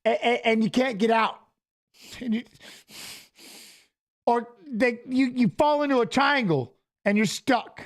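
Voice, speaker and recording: A man co-hosting a casual live-stream watch-along, excitable and joking, laughing often. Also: very high-pitched, unhurried, pauses often.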